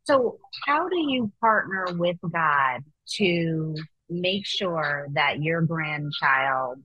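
Slow, thoughtful woman interviewer. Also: deep voice, expressive, no room sound. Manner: thoughtful, searching questions. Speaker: interview host. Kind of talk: casual interview. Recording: dull, muffled dry recording.

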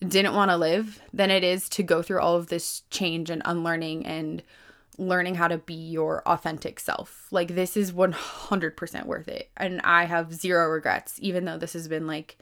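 A woman around thirty hosting a podcast, talking casually in a self-help monologue, full of "like" and free swearing, with emphatic jumps in pitch and loudness. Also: level tone, normal speed. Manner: chatty, lots of "like", swears freely, emphatic swings in pitch and loudness. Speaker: podcast host.

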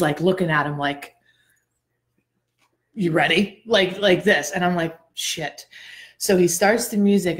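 A woman co-hosting a podcast, telling a story in a chatty, animated way and addressing listeners directly, a little out of breath. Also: lowish voice. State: slightly out of breath. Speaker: podcast co-host. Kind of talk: casual storytelling chat.

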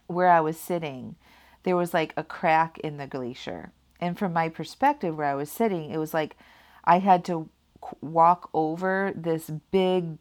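A woman's voice: sits low, darkish tone. A woman casually telling a personal story, rambling with many fillers and laughing at herself. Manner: rambling, heavy use of "like" and "kinda".

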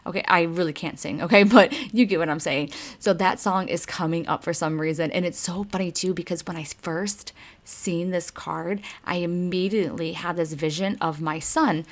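Woman in her 30s doing a spirit card reading, low-ish voice, chatty, keeps saying okay? to listeners. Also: fairly even intonation, moderate pace. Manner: chatty and emphatic, swears mildly, addresses listeners directly. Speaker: spiritual card reader, podcast host. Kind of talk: casual oracle card reading monologue.

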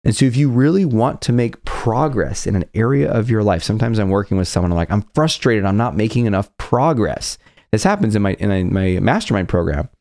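A man's voice: lowish voice, animated, fast, creaky, few pauses, warm tone, dry recording, clean studio sound. A man giving an earnest motivational talk as a confidence coach, often acting out people's inner voices.

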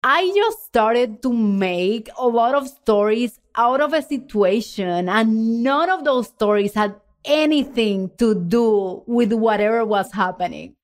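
A woman's voice: on the high side, expressive, takes it slowly, hardly any pauses. A middle-aged woman with a Puerto Rican accent tells a personal story on her podcast. She sounds earnest and conversational. She often speaks straight to the listener. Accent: Puerto Rican Spanish. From Puerto Rico. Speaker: podcast host.

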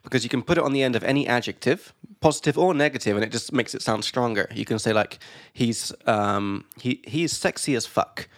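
A man's voice: medium pitch, fairly quick, few pauses, no room sound, clean studio sound. A man co-hosting a casual podcast, chatting loosely, laughing often and trailing off mid-thought. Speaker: podcast co-host. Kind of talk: casual chat.

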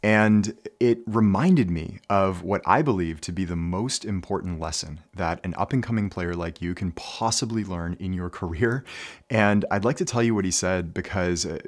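A man talking earnestly to young basketball players, telling a story as a coach. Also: deep voice. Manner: earnest storytelling, with occasional light laughs. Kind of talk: motivational talk to camera.

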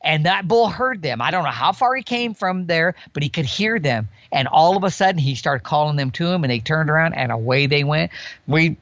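A man in his sixties, a guest on a podcast, telling an animated story about the outdoors, sometimes imitating animal calls. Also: a little high, brisk, dry recording, lo-fi sound. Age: 60s. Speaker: guest elk hunter.

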